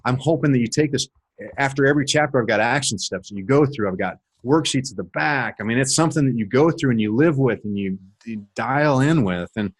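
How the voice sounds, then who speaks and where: A middle-aged man telling a personal story in a casual, rambling way, with many restarts and animated stretches. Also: mid-range voice, fairly quick, slightly rough. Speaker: author and guest on a call.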